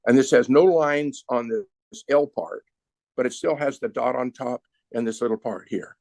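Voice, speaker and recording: A man with a gravelly, creaky voice, recorded dry and close. He talks slowly and patiently, walking through his ideas step by step as a sound healer. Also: medium pitch, darkish tone, dry recording. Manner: slow, explanatory, demonstrating with his hands. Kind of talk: conversational interview.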